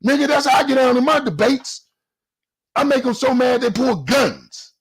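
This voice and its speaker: A man's voice: very high-pitched, animated, moderate pace, slightly rough. A man in his forties ranting in a response video, heated and profane, with a street-preacher cadence. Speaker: YouTube commentator.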